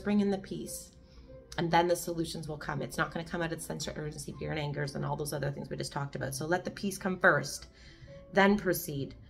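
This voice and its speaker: A woman hosting a daily reflection video, reading and musing on a meditation in an earnest, heartfelt, gently encouraging way, emotional and near tears. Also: low voice, vocal fry.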